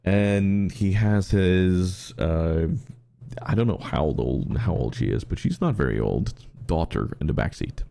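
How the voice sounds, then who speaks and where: A man co-hosting a podcast who tells stories in a casual, animated way and often restarts his sentences. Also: low-pitched, unhurried, creaky. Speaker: podcast co-host.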